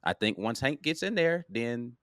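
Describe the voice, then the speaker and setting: A man's voice: medium pitch, very animated, moderate pace, a bit bright, no echo, studio quality. A man co-hosting a casual sports talk show, confident and emphatic, calling people bro. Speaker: podcast co-host.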